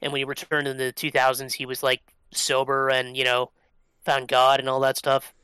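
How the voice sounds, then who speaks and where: A man's voice: medium pitch, monotone, normal speed, pushed and bright, clear, resonant tone, no room sound. A man co-hosting a podcast, explaining things at length in a loose, casual way, with lots of fillers and the odd swear word. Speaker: podcast co-host. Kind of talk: casual chat.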